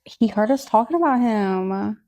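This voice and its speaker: A woman in her twenties co-hosting a podcast, chatting through personal stories. She is blunt and candid, with dark jokes and frequent asides. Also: medium pitch, animated, unhurried. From Tennessee, USA. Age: 20s. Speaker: podcast co-host. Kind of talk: casual storytelling chat.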